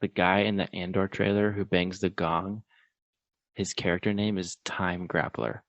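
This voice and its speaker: A man's voice: sits low, fairly even intonation, moderate pace, dry recording, highs cut off. A man co-hosting a podcast in easygoing casual chat, explaining things he looked up. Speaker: podcast co-host.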